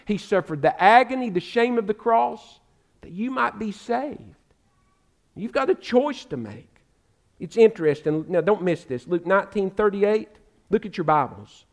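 A male pastor delivers an impassioned sermon in a high, bright-toned voice. He shifts between loud, ringing exhortation and quiet pleading, and he talks straight to his listeners, calling each one "friend". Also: lively intonation, moderate pace. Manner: addresses listeners directly as "friend".

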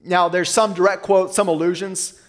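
A man preaching a sermon, asking rhetorical questions and slowing down to read scripture aloud. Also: sits high, little pitch movement, big-room sound. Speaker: pastor.

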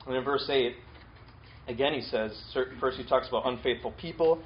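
A man's voice: medium pitch, normal speed, muffled recording, slight background noise. A male pastor preaching a conversational sermon, repeating his key points with casual fillers and restarts.

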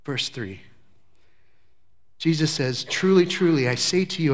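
A man preaching a sermon verse by verse, emphatic, with his voice swinging from loud declarations to hushed remarks. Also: on the high side, measured pace. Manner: emphatic, varies loudness widely, drops to hushed tones. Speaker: pastor. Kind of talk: expository sermon.

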